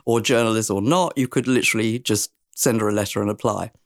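A woman's voice: extremely low pitch, fast talker, no room sound, studio quality. A woman, a guest telling self-mocking stories in an interview chat. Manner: lively, self-mocking storyteller.

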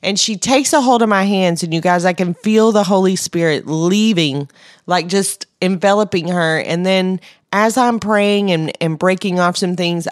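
A woman's voice: fairly low pitch, dry recording, clean studio sound. A woman giving an earnest Christian testimony, stringing long sentences together with "and" and building to an urgent exhortation. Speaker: Christian speaker sharing a mission testimony.

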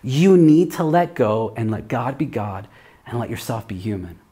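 A man's voice: medium pitch, animated, moderate pace, warm tone. A man giving a casual video sermon as a preacher, talking conversationally with many rhetorical questions and playful asides.

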